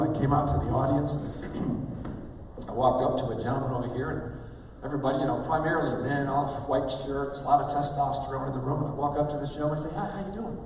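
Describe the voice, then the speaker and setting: A man giving an energetic motivational talk on stage, calling for replies from the audience. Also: mid-range voice, a little hiss or hum. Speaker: motivational speaker. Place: large hall with a live audience. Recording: echoey hall, mic at a distance.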